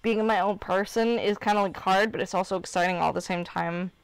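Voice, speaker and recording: A woman's voice: mid-range voice, fairly even intonation, a little fast, clear, resonant tone, dry recording. A woman in her twenties from Illinois, hosting a live stream in casual chat. She rambles candidly and fills her talk with "like" and "you know what I mean". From Illinois, United States. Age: 20s. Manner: rambling, filler-heavy, candid.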